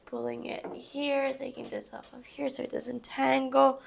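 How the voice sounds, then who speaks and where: A woman's voice: high-pitched, level tone, measured pace, vocal fry, husky. A young woman talking casually through a knitting project step by step, chatting to herself as she works. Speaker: crafting vlogger. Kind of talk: casual how-to narration while knitting.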